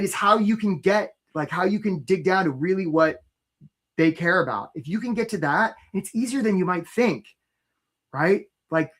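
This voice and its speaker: With a slightly high, somewhat bright voice, a man runs an energetic live webinar pitch for job seekers. He's chatty and upbeat, calls out viewers by name, and constantly checks in with "right?"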